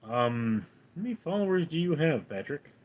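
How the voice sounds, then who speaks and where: Man, livestream host, lively up-and-down voice, slightly high pitch, deadpan replies to chat. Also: normal speed. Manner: reads viewer comments aloud and answers offhand, deadpan.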